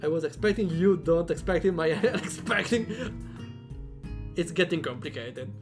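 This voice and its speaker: A man's voice: fairly high pitch, lively intonation, moderate pace, music in the background. A man streaming, reading a visual novel aloud as the lead, with giggly, chatty asides.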